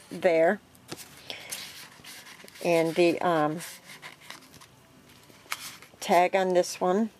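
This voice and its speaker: A woman with a slightly low voice talks through her homemade craft project in a loose, unhurried way. She fills pauses with ums and corrects herself as she goes, like a casual show-and-tell at her craft table. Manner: relaxed, rambling with many ums and self-corrections. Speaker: craft vlogger.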